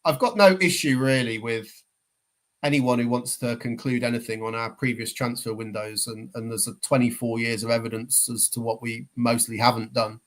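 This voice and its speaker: A man's voice: medium pitch, steady tone, moderate pace. A man on a football fan podcast, emphatic and argumentative, who stumbles over the first words of his points. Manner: emphatic, argumentative, stammers when starting. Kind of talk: casual fan chat.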